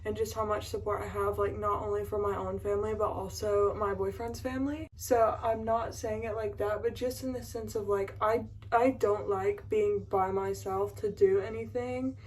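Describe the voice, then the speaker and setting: A woman's voice: medium pitch, steady tone, moderate pace, few pauses, darkish tone, rough recording. A woman in her twenties chatting casually to a phone camera at home, rambling with lots of fillers and emotion. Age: 20s. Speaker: vlogger. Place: at home, indoors.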